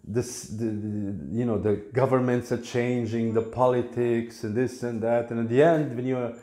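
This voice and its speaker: Mann, lebhafter Vortrag im hallenden Tempelraum. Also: male voice, mid-range voice, fairly even intonation, normal speed, dark tone. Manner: playful storytelling, acting out little voices. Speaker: spiritual teacher. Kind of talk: lecture on scripture. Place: temple hall. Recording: echoey room.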